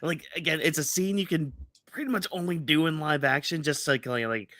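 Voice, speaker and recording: A man's voice: a little high, fairly quick, bright, forceful tone, no echo, clean studio sound. A man co-hosting a casual fan podcast, rambling with lots of fillers and restarts. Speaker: podcast co-host.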